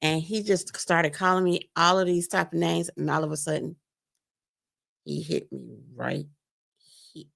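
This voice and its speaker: A woman telling a painful personal story on a live stream, animated and speaking straight to her listeners. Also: low-pitched, measured pace, vocal fry, pauses often. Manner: animated, acts out quoted voices, addresses listeners as "you all". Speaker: guest sharing a testimony. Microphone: remote stream mic.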